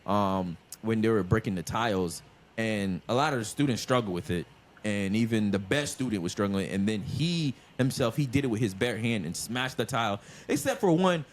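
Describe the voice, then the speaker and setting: Laid-back man explaining at length. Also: on the low side. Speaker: podcast co-host. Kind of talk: casual podcast debate.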